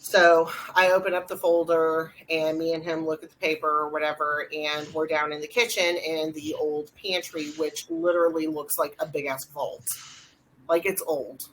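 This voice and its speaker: A young adult woman, co-hosting a podcast and retelling a ghost hunt in a rambling, animated way with lots of fillers. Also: low voice, moderate pace, a little hiss or hum, poor audio. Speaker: podcast co-host. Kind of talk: casual storytelling chat.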